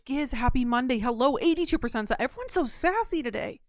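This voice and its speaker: A woman's voice: high voice, animated, a little fast, hardly any pauses, no room sound, clean studio sound. Playful woman greeting her stream chat. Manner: playful, teasing, jumps into silly voices. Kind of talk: casual live-stream chat.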